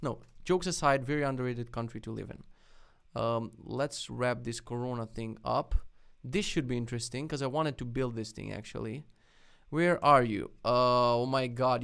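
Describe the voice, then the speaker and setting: Male streamer, casual and irreverent, mouthy commentary with a gravelly edge. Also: mid-range voice, fairly bright tone. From lives in Poland. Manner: blunt, swears freely, mocking asides. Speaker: live streamer reviewing web projects.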